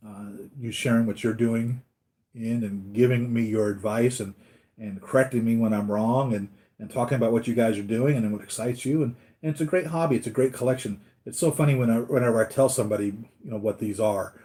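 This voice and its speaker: Male host, casual live-stream chat: rambling, plain mid-pitched voice, acts out people in his stories. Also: fairly quick, dark tone. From United States. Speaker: collectibles channel host.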